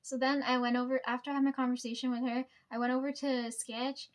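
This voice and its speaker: Woman, high pitch, casual storytime vlogger, chatty and profane, laughs a lot. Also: level tone, fast. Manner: laughs often, swears freely, rambling. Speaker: vlogger telling workplace stories.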